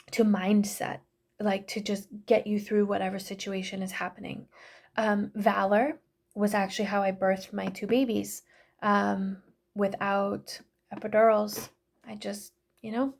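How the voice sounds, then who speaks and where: Chatty woman with a gravelly edge. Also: medium pitch, level tone, a little slow, a little mellow. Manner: chatty, many fillers and self-corrections. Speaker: yoga and essential oils class teacher. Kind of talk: casual online class talk.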